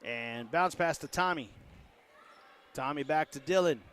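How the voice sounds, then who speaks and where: High-voiced man calling a basketball game. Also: a little slow, a bit bright, clean tone. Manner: joking, voices the players' imagined words. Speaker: play-by-play announcer. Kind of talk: casual sports commentary.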